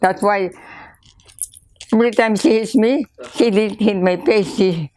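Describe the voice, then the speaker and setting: An older woman with a Filipino accent, recounting memories in a halting way, repeating words and slipping into Tagalog. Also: mid-range voice, fairly even intonation, a little mellow. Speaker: interviewee. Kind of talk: casual storytelling interview.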